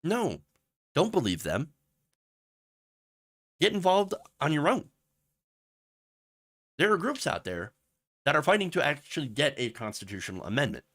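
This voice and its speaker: A man's voice: on the high side, big pitch swings, normal speed, pauses often, fairly bright tone. A man hosting a political commentary livestream, ranting with sarcasm and then rambling through viewer messages. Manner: impassioned, ranting, with sarcastic mock quotes; rambling asides with fillers, reads chat messages.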